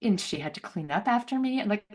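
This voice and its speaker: A middle-aged woman telling a personal story as an interview guest, laughing often and acting out voices with big jumps in pitch. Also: animated, quick pace, a little mellow. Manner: laughs often, many fillers.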